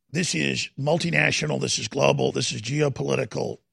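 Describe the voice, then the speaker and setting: A man hosting a studio talk show, giving heated political commentary in an emphatic, dramatic way, slowing down to stress points and at times rising to a shout. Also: medium pitch, no echo. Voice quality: gravelly. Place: broadcast studio.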